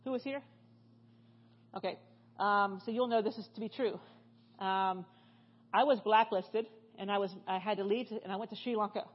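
A woman giving a sermon in a church, telling stories in a lively, conversational way and asking the congregation questions. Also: medium pitch, normal speed, long pauses, muffled recording. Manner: animated, conversational, questions the audience. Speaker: guest speaker. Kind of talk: sermon storytelling.

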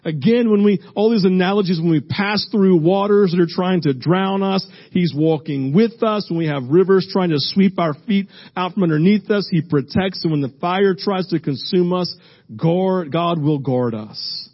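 A man's voice: high-pitched, moderate pace, dull audio. Emphatic male pastor preaching. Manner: emphatic preaching with repeated phrases. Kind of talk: sermon.

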